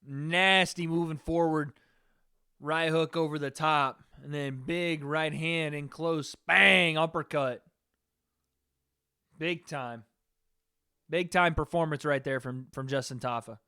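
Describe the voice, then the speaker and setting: A man with a high voice hosts a live stream, giving casual, rambling reaction commentary. He talks loosely to his chat and swears now and then. The sound is dry and close. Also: takes it slowly, long pauses, clear, resonant tone, no echo. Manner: relaxed, rambling, profane, talking to chat.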